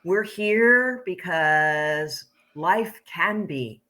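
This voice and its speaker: A woman from Pennsylvania speaks in a somewhat low register with a bright, forward tone. She rambles through stories in a thoughtful, conversational way, co-hosting a casual spiritual chat. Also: lively intonation, very slow. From Pennsylvania, United States. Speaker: spiritual teacher, co-host.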